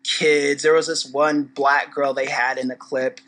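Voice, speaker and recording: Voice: medium pitch, little pitch movement, measured pace, a bit bright, rough recording. A podcast host giving a casual commentary rant, blunt and profane, with sarcastic asides and frequent restarts. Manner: rambling with restarts.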